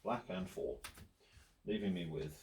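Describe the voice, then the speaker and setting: A man's voice: low voice, expressive, measured pace, a crowd in the background. A man hosting a casual card game, playfully reading out card rules and his plays. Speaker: host and player. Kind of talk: casual tabletop game play.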